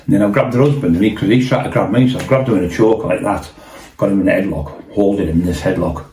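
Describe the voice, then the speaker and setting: A man's voice: low voice, fast talker, warm tone, a little hiss or hum. A man telling a rambling anecdote in a casual way, swearing a lot and acting out what people said. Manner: rambling, heavy swearing, acts out quotes. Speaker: storyteller host. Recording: roomy echo.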